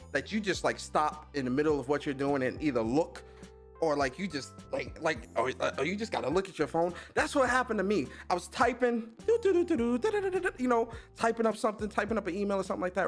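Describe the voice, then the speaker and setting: A man hosting a gaming show, telling a story in a casual, animated rant full of swearing and mocking impressions. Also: high voice, fairly quick, soft background music. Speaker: gaming podcast host.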